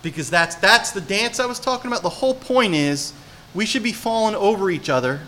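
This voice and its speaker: Preaching as pastor, a man from New Jersey speaks high-pitched and fairly quickly, over slight background noise. He tells lively stories and questions the congregation.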